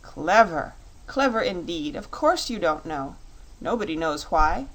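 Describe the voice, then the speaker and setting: A woman voicing a pompous, vain male fox king in a storybook, flattering and lecturing. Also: on the low side, a little slow, poor audio. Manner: flattering, self-satisfied, lecturing.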